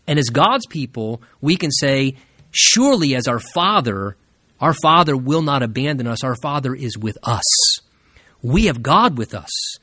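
A man preaching a sermon in an earnest way, who slows down and drops his voice low to stress key phrases. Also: very animated, bright, forceful tone, no echo, studio quality. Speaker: pastor.

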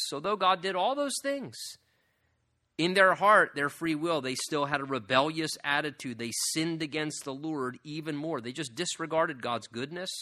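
Lively, bright-voiced male preacher. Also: a little high, moderate pace. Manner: animated, rises sharply for emphasis; conversational, asks the audience questions. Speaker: pastor. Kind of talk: expository sermon.

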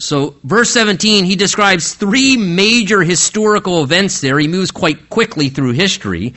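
Bright-voiced man preaching an expository sermon. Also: high voice. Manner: earnest expository preaching, slowing for emphasis on key phrases. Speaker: pastor.

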